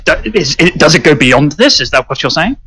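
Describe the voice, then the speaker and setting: A man's voice: fairly high pitch, animated, brisk, pushed and bright, breathy edge, low-quality recording. British man narrating his character. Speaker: player. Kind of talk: describing his character's actions.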